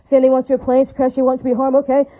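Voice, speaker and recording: A woman's voice: high-pitched, monotone, mellow, poor audio. A woman in an unscripted rant, repeating herself, swearing and breaking into religious praise. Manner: fast, repetitive, profane and indignant, with religious praise.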